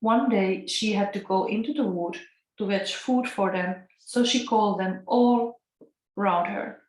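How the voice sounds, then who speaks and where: A woman's voice: medium pitch, measured pace. A chatty woman from Finland whose Finnish accent carries an Italian lilt. She muses her way through a casual tarot reading. Her mid-range voice rings with echo from the room. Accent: Finnish with Italian tinge. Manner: musing, chatty, laughs often. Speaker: tarot reader. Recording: echoey room.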